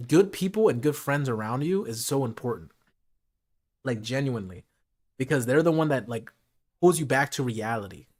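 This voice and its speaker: Male streamer, late-night casual chat, earnest, reflective, chatty fillers, mid-pitched voice. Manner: earnest, reflective, lots of "like" and "you know".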